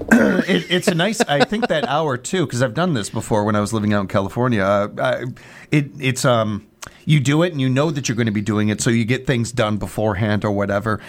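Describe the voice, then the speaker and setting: A man's voice: medium pitch, lively intonation. Young male co-host, casual and jokey, stop-start delivery. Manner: joking, chatty, halting with restarts. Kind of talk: casual chat.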